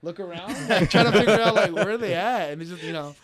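A man's voice: high-pitched, fast talker, a crowd in the background. An American man co-hosting a podcast, telling stories in casual banter and laughing often. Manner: animated storyteller, acts out voices, laughs often. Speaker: podcast co-host. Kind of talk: casual banter among friends.

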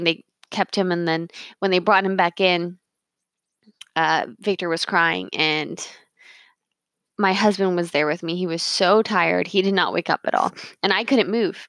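Young mother, lowish voice, dry close sound, chatty rambling storyteller full of fillers. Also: a bit bright, no room sound. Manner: rambling, many "like" fillers, emotional retelling. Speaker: mother telling her birth story. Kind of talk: casual personal storytelling.

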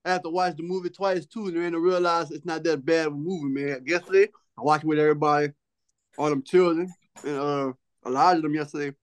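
A man's voice: on the high side, fairly even intonation, a little fast, smooth. A man co-hosting a podcast, telling a casual story and mimicking the family members he quotes. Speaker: podcast co-host. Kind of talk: casual chat.

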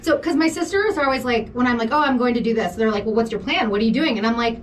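A high-voiced woman tells a story to her co-host in loose, profane chat, laughing as she goes. She sounds a bit off-mic, with faint noise behind her. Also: fast talker, far from the mic. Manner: animated, profane, laughs often while telling stories. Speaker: podcast co-host.

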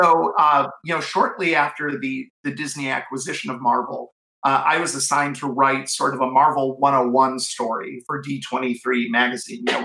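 A man's voice: mid-range voice, creaky, sharp tone, echoey room, rough recording. A middle-aged man from Cleveland, telling enthusiastic stories as an author in an interview, with lots of restarts and fillers. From Cleveland, USA. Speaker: author and guest. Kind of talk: anecdotal interview storytelling.

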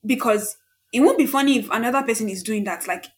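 A woman's voice: on the high side, fast talker. A young woman from Nigeria, co-hosting a casual podcast chat, emphatic and repeating her points for stress. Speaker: podcast co-host.

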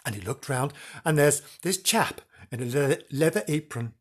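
A man's voice: fairly high pitch, expressive, normal speed, breathy edge. A man hosting a comic radio-style show in a camp, rambling, mock-dramatic way. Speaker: host.

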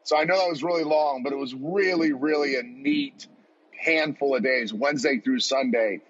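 On dull, lo-fi audio, a football coach in his forties talks as a podcast guest at a medium pitch and normal speed. His heartfelt personal story comes out earnest and rambling, full of restarts.

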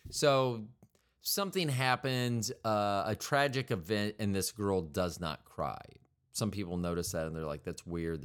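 A man's voice: lowish voice, fairly bright tone, clean tone. A male podcast host talking in a rambling, casual monologue, wry and prone to correcting himself mid-sentence. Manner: meandering, self-correcting, wry.

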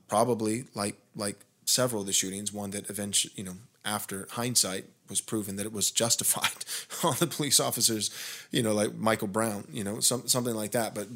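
A man's voice: lowish voice, brisk. A man, a pastor hosting a podcast, telling a long story in casual conversation, growing more heated with frequent restarts. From United States. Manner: animated, rising intensity when indignant, frequent restarts.

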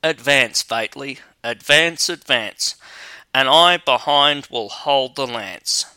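A man's voice: medium pitch, slow pace, pushed and bright, clean tone, no room sound, poor audio. A man doing a coaxing cowardly fool. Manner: rhyming, coaxing. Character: cowardly scheming Swabian man.

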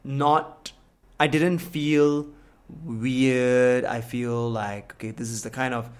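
A man's voice: medium pitch, slow pace, clear, resonant tone. Swearing Singaporean man telling stories. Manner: candid, animated storytelling with frequent swearing and restarts. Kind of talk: casual chat.

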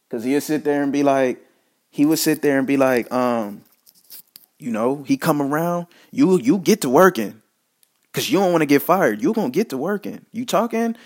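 Man giving a casual motivational talk. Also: a little high. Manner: repetitive, stumbling restarts, preachy asides.

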